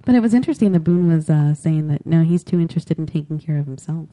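A woman's voice: low-pitched, animated, fast talker, dark tone. A woman co-hosting a podcast, recapping episodes and chatting casually with an easy, amused manner. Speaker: podcast co-host. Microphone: headphones with a desk mic.

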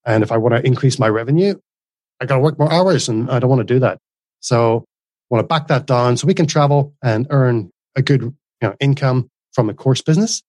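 A man in his forties with a softened Northern Irish accent that carries a trace of Australian speaks as an interview guest. He talks earnestly in long, flowing runs, often restarting a phrase. His voice sits at a middling pitch and sounds dry and close, with almost no room around it. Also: a little fast, dry recording. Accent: softened Northern Irish, mixed with Australian. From Northern Ireland. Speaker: guest, course creator. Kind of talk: casual interview conversation.

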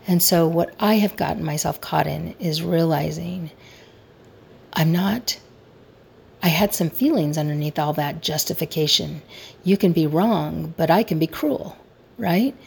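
Low, gravelly woman giving marriage advice. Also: a little slow, long pauses, a little mellow, slight background noise. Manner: candid, reflective, self-deprecating. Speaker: marriage coach. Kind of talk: personal advice talk.

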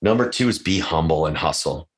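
A man with a notably deep, low-pitched voice, talking openly and casually on a podcast. He swears freely and drops into quoted voices when he tells a story. He sounds middle-aged. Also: expressive, brisk. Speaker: podcast guest, real estate agent. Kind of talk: casual conversational interview.

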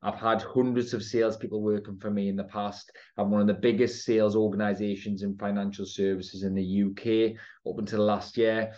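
A sales trainer from North East England hosts a podcast, speaking with a Geordie accent in a confident, emphatic way about sales and frequently checking in with "right?" and "okay?". His voice is fairly low and mellow, with little pitch movement, a brisk pace, and hardly any pauses. The sound is lo-fi.

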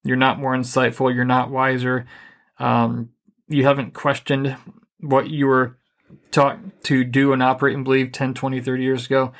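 A middle-aged man co-hosting a podcast, giving relationship advice in a calm, even, deliberately unhurried way. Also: medium pitch. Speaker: podcast co-host. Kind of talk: casual advice chat.

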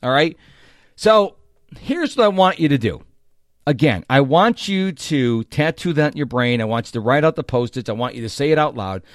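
Lively emphatic man hosting a podcast. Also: medium pitch, moderate pace, no echo, clean studio sound. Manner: emphatic, repeats phrases, speaks directly to listener. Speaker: podcast host. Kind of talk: motivational podcast monologue.

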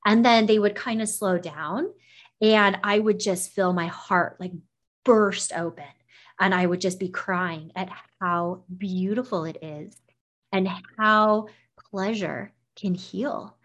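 A woman's voice: medium pitch, steady tone, takes it slowly. A woman talking as a podcast guest, recounting a personal experience in an effusive, emotional way with many "like" fillers. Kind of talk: personal storytelling in conversation.

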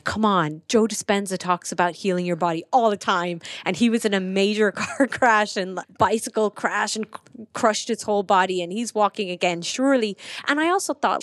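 A woman's voice: medium pitch, no echo, clean studio sound. A woman, a podcast guest telling a personal story earnestly, with lots of "like" fillers. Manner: earnest, animated retelling with frequent "like" fillers.

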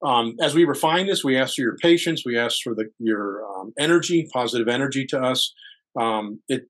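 A man's voice: medium pitch, moderate pace, a bit bright. A man co-hosting a casual podcast, talking earnestly and loosely, often laughing, recorded in a hall. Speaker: podcast co-host.

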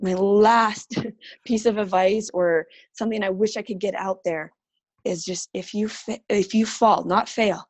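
A woman in her thirties, a podcast guest, telling personal stories in an earnest, animated way and acting out quoted voices. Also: medium pitch, a little slow, no echo. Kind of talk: casual interview talk.

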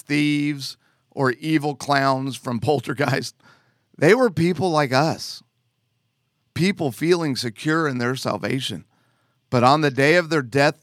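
Slow-talking, animated male preacher. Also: medium pitch, dry recording, studio quality. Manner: animated preaching with jokes and mock voices. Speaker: pastor. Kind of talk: sermon.

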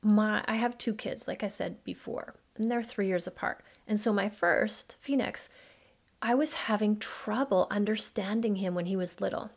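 A middle-aged woman hosting a podcast, telling a personal story in an earnest, animated way and acting out dialogue. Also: mid-range voice, moderate pace, vocal fry. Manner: addresses listeners as mamas. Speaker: podcast host, midlife coach. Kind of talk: casual monologue podcast.

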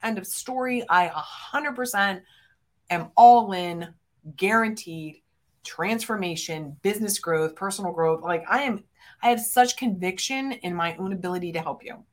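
A woman who hosts a podcast and works as a business coach delivers fervent motivational talk, addressing her listeners directly as friends. Her mid-range voice moves at a moderate pace, and her punchy, emphatic declarations swing widely in loudness.

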